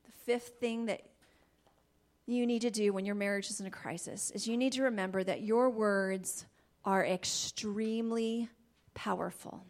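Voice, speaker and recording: A woman giving a faith-based talk on marriage, animated, laughing often and dropping into soft asides. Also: mid-range voice, moderate pace. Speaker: Christian marriage teacher.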